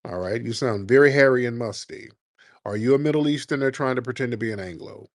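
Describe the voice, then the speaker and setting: A man hosting a live call-in comedy talk show, brash and mocking, roasting his callers with loud animated energy. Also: medium pitch, quick pace, dry recording, studio quality. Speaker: radio show host.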